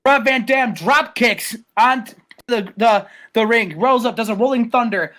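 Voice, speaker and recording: A man giving a casual, rambling play-by-play recap, stumbling over names and breaking into loud shouted quotes. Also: very high-pitched, unhurried. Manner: excitable, rambling, many restarts, bursts into loud acted-out quotes. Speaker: host recapping a wrestling game simulation.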